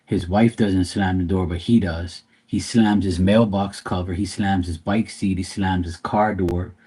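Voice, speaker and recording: Guy on a live stream, cussing a lot, low husky voice, kinda dark and mellow. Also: fairly even intonation, unhurried. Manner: blunt, profane, rambling. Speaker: livestream host. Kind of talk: casual live-stream chat with viewers.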